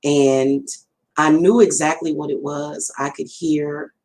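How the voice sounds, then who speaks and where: A woman's voice: low-pitched, flat delivery, slow pace, a little mellow, rough recording. A middle-aged woman, a spiritual reader chatting casually to her viewers, rambling and addressing them directly. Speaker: spiritual reader and channel host. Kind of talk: casual livestream talk.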